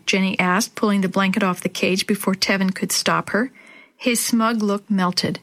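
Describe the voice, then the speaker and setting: Woman reading a children's story. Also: medium pitch. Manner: measured, expressive reading. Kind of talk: scripted children's story narration.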